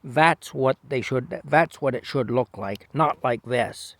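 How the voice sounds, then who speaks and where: A man voicing a mean, fiery little woman boss who yells and scolds. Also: mid-range voice, takes it slowly, dry recording. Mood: scolding. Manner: yelling, scolding. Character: mean little red-haired female warehouse boss, a spitfire.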